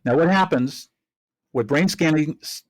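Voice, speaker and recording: A man as a podcast guest, a mediator and trainer, explaining his method in an earnest, lively way. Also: a little high, a little slow, no room sound. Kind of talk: podcast interview.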